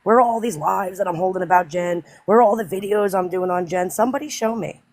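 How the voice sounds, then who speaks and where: A woman hosting a casual live stream, talking fast and insistently, often asking "you know what I mean". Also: mid-range voice. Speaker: host.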